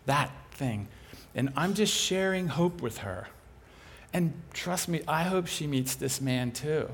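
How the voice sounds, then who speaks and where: A man preaching a sermon, telling a personal story with lively, chuckling animation. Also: a little high, slow, slight background noise.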